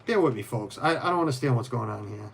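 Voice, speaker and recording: Male live-streamer, mid-pitched, rambling and chatty, mutters asides while building. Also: expressive, quick pace, gravelly, slight background noise. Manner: rambling, many restarts, answers viewers by name; mutters to himself while fiddling with pieces. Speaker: livestreamer.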